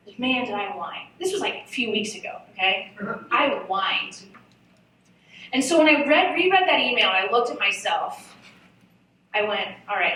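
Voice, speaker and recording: A woman on a live panel tells frank workplace stories with a playful, self-mocking edge. Her voice is bright and pitched a little high. It rings through a very echoey hall, caught from some distance, with faint room noise underneath. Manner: candid, lively storytelling with self-mocking asides. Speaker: conference panelist. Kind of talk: live panel talk at a marketing summit. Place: large event hall.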